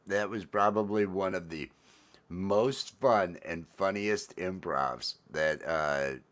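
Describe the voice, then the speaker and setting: A man with a low, fairly bright voice hosts a casual livestream chat, laid-back and rambling, repeating phrases and greeting viewers by name.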